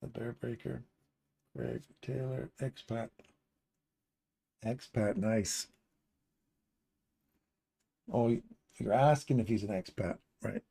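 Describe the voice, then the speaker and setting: A man's voice: medium pitch, slow, gravelly, long pauses, dark tone, breathy edge. A man from Canada hosting a live trading stream, pointing at charts and greeting chat viewers by name. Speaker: trading livestream host.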